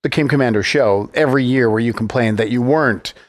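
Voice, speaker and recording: A man co-hosting a radio show, teasing his partner and promoting the channel in casual banter. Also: medium pitch. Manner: teasing, quick with one-liners. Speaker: radio co-host. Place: radio studio. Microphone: studio microphone.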